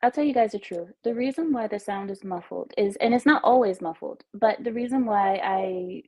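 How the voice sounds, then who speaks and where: A Texan woman hosts a casual livestream from home using wireless earbuds, chatting, giggling and teasing herself as she reads viewer comments. Her voice is mid-range with a darkish tone at normal speed. The audio quality is poor.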